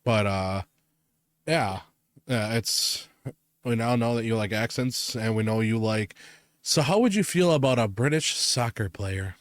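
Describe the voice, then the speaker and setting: A man's voice: fairly low pitch, animated, a little slow, dry recording, studio quality. A man from Wisconsin with a Wisconsin accent, co-hosting a casual podcast chat, joking and laughing often. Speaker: podcast co-host.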